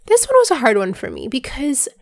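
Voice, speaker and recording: A woman hosting her own podcast, talking casually in a voice hoarse from being sick, filling her sentences with "like" and breaking into bursts of excitement. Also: sits high, brisk, no room sound, clean studio sound. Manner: chatty, fills with "like", bursts of excitement. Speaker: podcast host. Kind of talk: casual solo podcast monologue.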